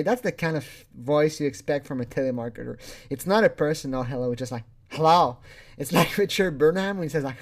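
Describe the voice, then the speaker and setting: A man's voice: medium pitch, darkish tone. A man hosting a casual video commentary, rambling along with chuckles and restarts. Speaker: channel host.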